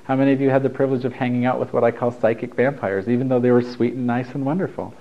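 A man's voice: mid-range voice, steady tone, very fast, lo-fi sound. Easygoing man giving a spiritual talk. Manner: loose, conversational, laughs and swears freely. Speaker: spiritual teacher. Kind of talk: informal spiritual talk to a group.

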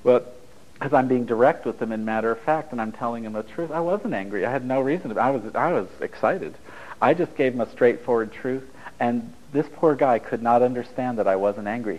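This relationship speaker from the United States has a mid-range, darkish voice, and the radio broadcast audio is poor. Before a live audience, he tells stories bluntly and acts out the conversations in them.

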